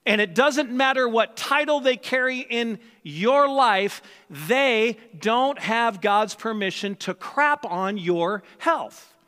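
Bright-voiced pastor preaching in a big hall. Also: male voice, very high voice, lively intonation, takes it slowly, few pauses, clear, resonant tone. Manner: conversational, acts out quoted dialogue. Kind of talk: sermon.

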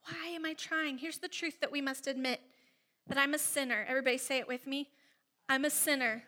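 Bright, high-voiced woman preaching. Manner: expressive, leads the congregation in call-and-response. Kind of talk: sermon.

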